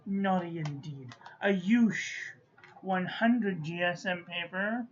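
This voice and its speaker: A woman's voice: lowish voice, takes it slowly. A woman giving a casual stationery review, muttering to herself and playfully scolding as she goes. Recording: dull lo-fi audio with faint background noise.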